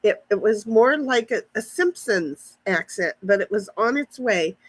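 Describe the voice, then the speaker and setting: A woman's voice: mid-range voice, animated, a little slow, poor audio. A woman chatting casually outdoors to viewers on a livestream, rambling as she answers comments from her chat on a phone. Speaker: livestream host. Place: outdoors in a backyard.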